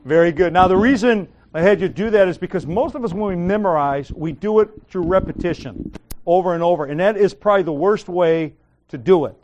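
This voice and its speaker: A man's voice: high-pitched, brisk, darkish tone, highs cut off. A man leading a church Bible class, joking with his students and then explaining memorization techniques in a casual way. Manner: joking, conversational, encouraging.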